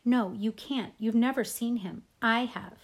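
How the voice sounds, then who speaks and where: A woman's voice: a little high, unhurried. A woman doing an exasperated middle-school boy. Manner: exasperated, emphatic.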